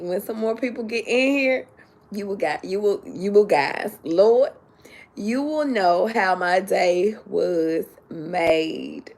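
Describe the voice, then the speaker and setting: A woman hosting a casual livestream, chatty and excitable, greeting viewers by name and repeating herself, a little sleepy. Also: mid-range voice, slow pace. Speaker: livestream host.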